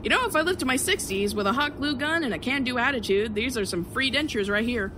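A woman's voice: a little high, lively intonation, fast talker, noisy background, close to an everyday voice. A woman playing a gleeful cruel killer. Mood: mocking. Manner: gleeful, casual, mocking. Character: gleeful cruel female serial killer, young adult. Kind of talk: audio drama acting.

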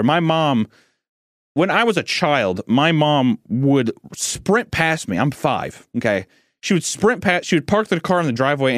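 Young male podcast co-host, expressive pitch, profane storyteller, dry close sound. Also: dry recording. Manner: animated, swearing storyteller. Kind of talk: casual chat.

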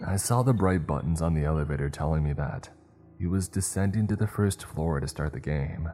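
A man reading a horror story aloud in a steady, measured storytelling manner. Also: rumbling low, soft background music. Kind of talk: scripted horror narration.

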